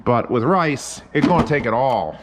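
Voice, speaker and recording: This home cook vlogger chats loosely while he cooks, cursing often and wandering off on tangents. His voice is mid-range and animated at a normal speed, with a big-room sound and background noise.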